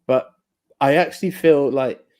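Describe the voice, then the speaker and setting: A man's voice: mid-range voice, a little slow, a little mellow. A man co-hosting a podcast in casual chat, often stumbling and repeating words as he thinks. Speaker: podcast co-host.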